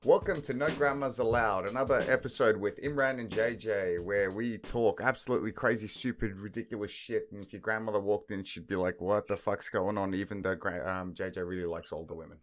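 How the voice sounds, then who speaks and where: A man's voice: lowish voice, a little fast, hardly any pauses, a little hiss or hum. Swearing young man telling stories. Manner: swears constantly, animated storytelling with acted-out quotes. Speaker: podcast co-host. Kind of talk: casual crude banter.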